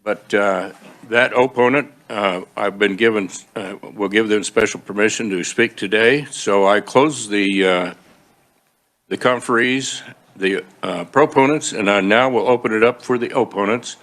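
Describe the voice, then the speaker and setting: A man's voice: lowish voice, unhurried, a bit bright. A man chairing a legislative committee hearing, procedural and easygoing, with frequent fillers.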